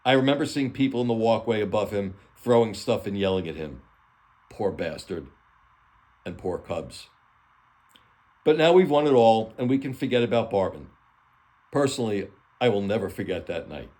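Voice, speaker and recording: A man's voice: lowish voice, expressive, fairly quick, a little mellow. A man hosting his channel as an author, reading stories aloud in a plain, earnest way.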